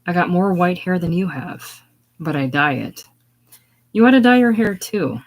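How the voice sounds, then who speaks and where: A stubborn, plainspoken woman of sixty-eight talks flatly and without fuss, as a reader puts her on. The voice stays close to an everyday reading tone. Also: medium pitch, moderate pace, low-quality recording. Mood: matter-of-fact. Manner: plainspoken, matter-of-fact, blunt. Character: 68-year-old woman, blunt, stubborn coworker.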